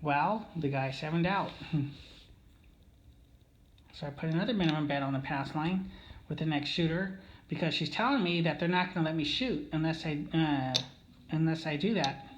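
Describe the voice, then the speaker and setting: A man's voice: fairly high pitch, moderate pace, long pauses, highs cut off, slight background noise. A man telling a casino story in a rambling way, with many fillers and restarts, often checking in with "okay?". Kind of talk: casual storytelling monologue.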